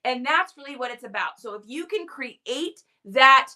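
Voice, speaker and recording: High bright-voiced energetic woman host. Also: moderate pace. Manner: energetic, enthusiastic, rambling. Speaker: livestream reseller host. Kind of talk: casual livestream chat.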